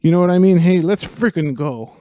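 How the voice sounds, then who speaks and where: A man's voice: high-pitched, a little fast, dark tone, no echo, studio quality, natural voice. A man voicing a fed-up, folksy warrior king in a comic radio drama, grumbling and blustering.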